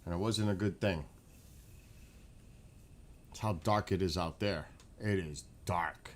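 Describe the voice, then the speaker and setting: A man with a New York accent hosting a casual late-night livestream outdoors in front of his house, chatting with viewers in a relaxed, rambling way. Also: deep voice, slow. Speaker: livestream host.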